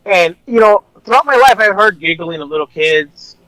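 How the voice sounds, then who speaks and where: A man's voice: sits high, animated, moderate pace, sharp tone, dry recording, rough recording. Man telling a story in a dry close voice. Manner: blunt, rambling, swears, repeats himself. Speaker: officer guest. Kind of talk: casual storytelling interview.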